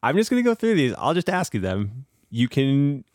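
A man's voice: mid-range voice, big pitch swings, moderate pace, darkish tone, no room sound, clean studio sound. A male podcast host asking questions in casual, blunt, joking chat.

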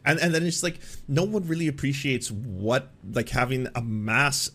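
A man's voice: medium pitch, moderate pace, a bit bright. A man from Canada hosting a livestream, talking casually in a rambling, profane way with frequent restarts. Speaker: livestream host. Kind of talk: casual commentary.

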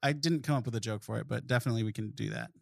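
A man's voice: fairly low pitch, very fast, gravelly, no room sound, studio quality. A man co-hosting a comedy podcast in goofy, jokey casual chat. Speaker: podcast co-host.

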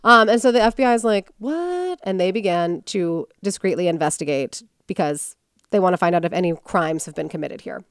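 A woman's voice: lowish voice, fairly even intonation, fairly quick, smooth, dry recording, studio quality. A woman hosting a podcast, telling a story in casual chat and acting out quotes in character voices.

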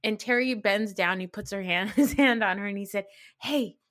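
A woman's voice: medium pitch, brisk. A woman co-hosting a podcast, chatting casually and animatedly with frequent laughter while recapping a reality show. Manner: animated, laughs often, acts out quotes. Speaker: podcast co-host.

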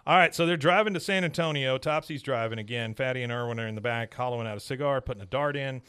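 A man's voice: medium pitch, fast talker, clear, resonant tone. A man hosting a podcast, recapping a cartoon episode in casual chat and acting out the characters' lines. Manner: animated storyteller, acts out quotes. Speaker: podcast host.

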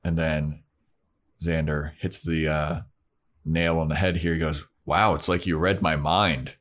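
A young man with a low voice co-hosts a casual podcast. He retells scenes in an animated way, slipping into the characters' voices and swearing freely. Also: unhurried. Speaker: podcast co-host. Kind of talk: casual chat recapping an episode.

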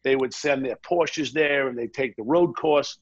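A man telling an animated anecdote as an interview guest, acting out the dialogue he quotes. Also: medium pitch, unhurried, slightly rough, highs cut off. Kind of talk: casual storytelling.

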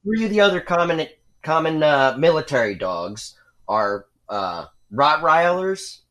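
A man's voice: a little high, sing-song, a little slow, fairly bright tone. A man co-hosting a podcast, chatting casually in a dry, wry, matter-of-fact way. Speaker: podcast co-host.

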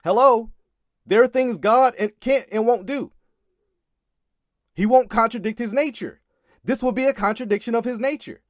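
A man's voice: very high voice, normal speed, long pauses, dry recording, clean studio sound. A man casually commenting on a sermon clip, exasperated and emphatic, often laughing in disbelief.

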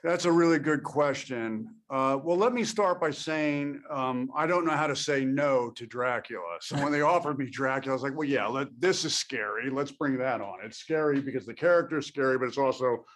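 Reflective, halting male actor. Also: mid-range voice, a bit bright. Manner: thoughtful, halting, with many restarts. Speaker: actor, interview guest. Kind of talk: reflective interview answers.

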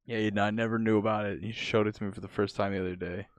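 Young man joking loosely, low voice. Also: level tone, very fast, dry recording. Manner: loose, joking, swears often. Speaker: podcast co-host. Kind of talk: casual chat.

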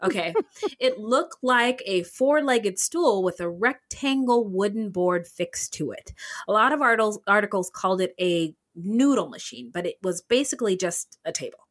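A woman's voice: mid-range voice, expressive, moderate pace, a bit bright. A woman co-hosting a true-crime podcast, chatting casually with giggles and tangents. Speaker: podcast co-host.

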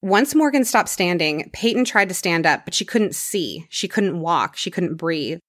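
A woman's voice: lowish voice, expressive, normal speed, dry recording, studio quality. A woman hosting a podcast, telling a true crime story in a casual conversational way and dropping her voice for grim details.

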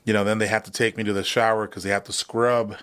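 A man's voice: on the low side, flat delivery, fast talker, a bit bright, clean tone. A young man, a guest in a casual interview, telling a long personal story with many fillers and restarts.

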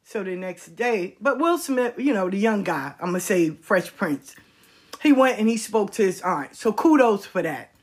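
A woman telling a story in a casual, animated way, full of slang and emphasis. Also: mid-range voice, moderate pace, breathy edge.

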